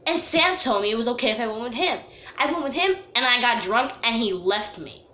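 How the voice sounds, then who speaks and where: A woman telling a storytime vlog story in an animated, dramatic way, full of "like" fillers. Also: a little high, fairly quick, slight background noise. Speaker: vlogger. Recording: echoey room.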